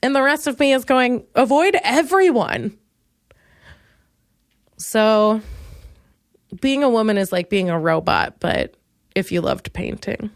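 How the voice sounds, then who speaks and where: A woman's voice: measured pace, vocal fry, clear, resonant tone, dry recording, clean studio sound. A woman in her twenties from Minnesota, hosting a comedy podcast and rambling in a self-deprecating way. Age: 20s. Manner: rambling and self-deprecating, swings from low mumbles to loud bursts. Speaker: podcast host. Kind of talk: comedic solo podcast monologue.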